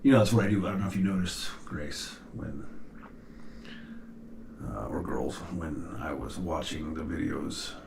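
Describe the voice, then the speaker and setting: A middle-aged man speaking earnestly and haltingly to his daughters in a personal video message, pausing often and sighing. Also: very deep voice, vocal fry, background noise. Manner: earnest, halting, with long pauses and sighs. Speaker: father addressing his daughters.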